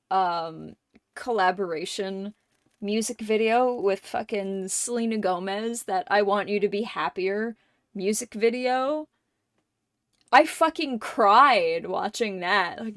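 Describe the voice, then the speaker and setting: Slow-talking woman streamer, dry sound. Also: medium pitch, lively intonation, a bit bright, no room sound. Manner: candid, profane, emotional. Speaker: livestream gamer. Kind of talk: casual chat while streaming a game.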